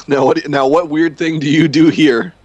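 A man co-hosting a comedy podcast, playing a curious investor with a playful, laughing manner. His voice sits a bit high for a man. The sound is dry and close. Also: fairly even intonation, slow pace, no echo, dull audio. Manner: playful, laughs often, plays straight man. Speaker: podcast co-host. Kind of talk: improvised comedy interview.

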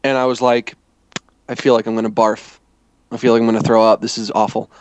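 A man's voice: fairly low pitch, flat delivery, brisk, no echo. Man rambling through a travel story. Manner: rambling, self-correcting storytelling. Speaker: storyteller in a chat. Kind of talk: casual chat.

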